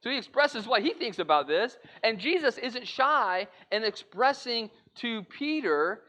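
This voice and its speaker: A man's voice: extremely high pitch, big pitch swings, measured pace, few pauses, bright, forceful tone. A man giving an earnest, conversational sermon lesson to a church congregation. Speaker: preacher. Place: church auditorium.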